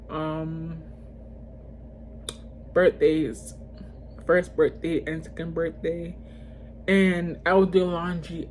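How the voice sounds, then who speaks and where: A woman speaks straight to her viewers in a casual storytime vlog, animated and slangy. She talks in quick bursts full of fillers and restarts, with a faint ambient hum behind her. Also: low-pitched. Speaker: vlogger telling a personal story.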